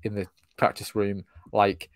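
A man's voice: fairly low pitch, flat delivery, a little slow, no echo. A man chatting casually about a film, loose and sweary, full of "like".

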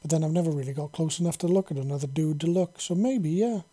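Man doing a blunt swearing young soldier, nervous edge, mellow, husky. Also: on the high side, fast talker, lightly acted. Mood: relieved. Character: brash young human male soldier.

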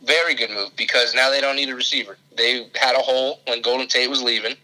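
An excitable young man co-hosting a sports podcast. He talks emphatically and slangily, and his voice has a very bright, cutting edge at a mid-range pitch. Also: fast, low-quality recording. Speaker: podcast co-host. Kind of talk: casual sports chat.

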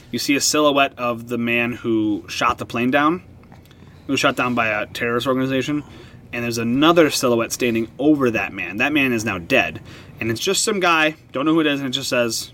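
Excited man retelling a comic plot. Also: medium pitch, a little fast, a little hiss or hum. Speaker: podcast host. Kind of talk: casual comic-book podcast chat.

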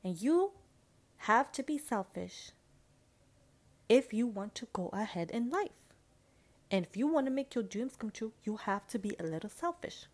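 Chatty, animated young woman hosting solo. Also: fairly high pitch, normal speed, pauses often. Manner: animated, chatty, swears casually, drops into playful voices. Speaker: podcast host. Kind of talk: casual solo talk.

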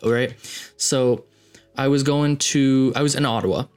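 A man's voice: mid-range voice, a little fast, faint music behind. Rambling young man telling a story. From Canada, Ontario. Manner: rambling, filler-heavy, animated retelling. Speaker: podcast host. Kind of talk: casual storytelling.

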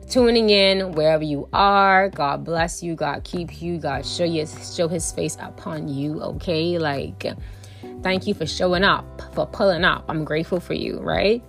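Low-voiced woman hosting a faith podcast. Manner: lively, chatty, talks straight to listeners as family. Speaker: podcast host.

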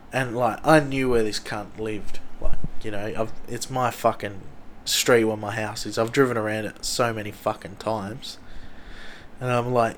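Give me a young Australian man with a mid-range voice, casually telling a rambling, sweary story and shouting the quoted lines. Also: medium pitch, measured pace, slight background noise. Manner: swears constantly, rambling, loud acted-out quotes. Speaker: podcast host.

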